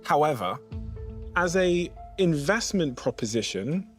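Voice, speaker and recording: A man, an investor on a panel, speaking in a measured and polite way. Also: on the high side, sing-song. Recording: light music underneath.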